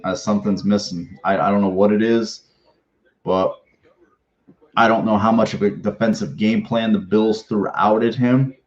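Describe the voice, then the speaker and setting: A man's voice: on the low side, highs cut off. Rambling, profane male sports fan. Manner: rambling, profane, with many restarts and fillers. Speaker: fan podcast host. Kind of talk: casual fan commentary.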